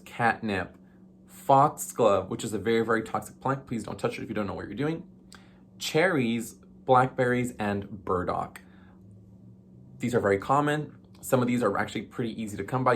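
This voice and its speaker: Man, mid-pitched, casual tutorial host, chatty, sassy asides, filler ums, faint background noise. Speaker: witchcraft video host.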